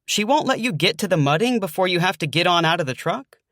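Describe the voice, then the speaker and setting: A man voicing a teasing, quick-witted teenage girl in an audiobook, asking incredulous questions. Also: sits high, animated, a bit bright, dry recording, studio quality. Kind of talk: audiobook narration.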